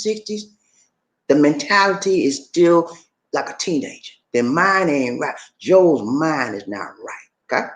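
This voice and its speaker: Animated man talking over a news story, swooping pitch, preachy and joking, keeps asking the viewers questions. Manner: preachy, playful, repeats himself, asks the audience questions. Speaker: commentary channel host.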